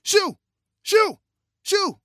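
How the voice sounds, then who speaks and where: A storybook narrator voicing a stern old father who shouts solemnly. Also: medium pitch, big pitch swings, slow pace, creaky, no room sound, clean studio sound, voice pushed up, full character voice. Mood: shooing. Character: stern old father, lame war veteran.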